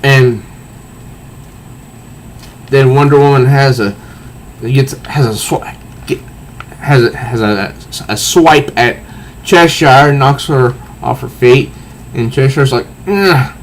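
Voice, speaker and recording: A man casually reviewing a comic book, recounting panels in a halting way with repeated words. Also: mid-range voice, a little hiss or hum, low-quality recording.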